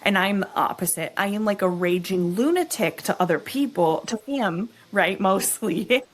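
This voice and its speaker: A young adult woman, a guest expert, explaining stress in an animated, teaching way and often checking in with "right?" and "okay?". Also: mid-range voice, moderate pace. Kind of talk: explanatory interview talk.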